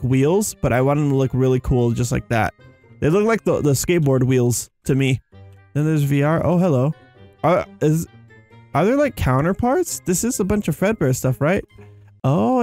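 A young man giving casual, rambling commentary on his game, excitable and tired, with faint music behind him. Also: fairly high pitch. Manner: excitable, rambling, says "dude" and "you guys". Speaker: gaming YouTuber.

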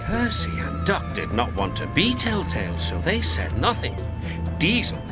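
A man narrating a children's storybook in an expressive reading. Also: on the high side, moderate pace. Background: music.

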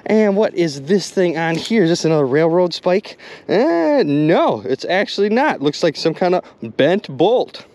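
A man commenting excitedly to his viewers while magnet fishing outdoors by a river. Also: high voice, measured pace, a little hiss or hum. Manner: excitable, addresses viewers as "you guys".

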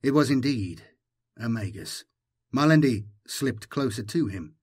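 A man narrating an audiobook in a measured, dramatic storytelling manner. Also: mid-range voice, animated, slightly rough. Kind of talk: scripted narration.

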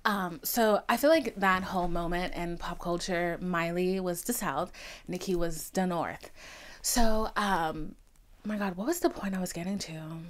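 A podcast host in her twenties, from a Haitian family, talks unhurriedly in a lowish voice. Her confessional monologue is chatty and candid, peppered with profanity and animated impressions of the people she quotes.

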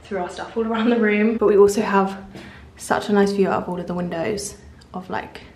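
A woman's voice: mid-range voice, fairly even intonation, brisk, a little mellow, slightly rough. A young woman, chatting casually to a handheld camera as a travel vlogger and peppering her talk with "like". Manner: chatty, filler-heavy, says "like" often. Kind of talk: casual vlog chat to camera. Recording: noisy handheld vlog audio.

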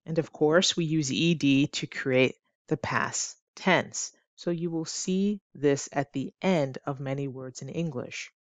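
A woman teaching English pronunciation in a clear, deliberate way, slowing down to stretch out example words. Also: sits low, no echo. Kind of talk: pronunciation lesson.

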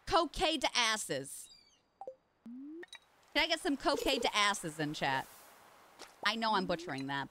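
A woman streaming live and chatting casually while she plays, playful and goofy with loud silly outbursts. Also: on the low side, slight background noise.

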